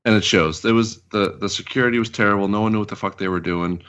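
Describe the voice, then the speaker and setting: A man co-hosting a podcast in casual chat, sounding annoyed and pausing often with ums. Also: fairly low pitch, fairly even intonation, a bit bright, clear, resonant tone. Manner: annoyed, hesitant with many ums. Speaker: podcast co-host. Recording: slightly dull, lo-fi.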